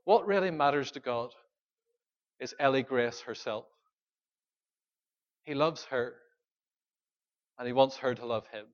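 A man's voice: mid-range voice, unhurried, pauses often. Male pastor, earnest sermon delivery, lo-fi church recording. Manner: earnest, pleading, questions the congregation.

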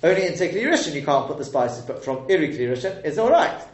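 A man's voice: a little high, sing-song, fast talker. A man teaching a text lesson, explaining step by step and quizzing his listeners with rhetorical questions. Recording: echoey room.

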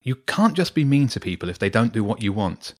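Bossy, sensible schoolgirl, read by a man, firm and lively in a low-ish voice. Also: a little fast. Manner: firm, scolding.

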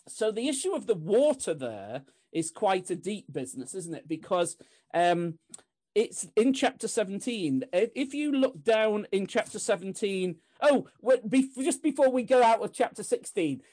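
A woman's voice: mid-range voice, big pitch swings, moderate pace, mellow. A woman preaching a Bible sermon in a conversational, earnest way, asking rhetorical questions and often restarting her sentences.

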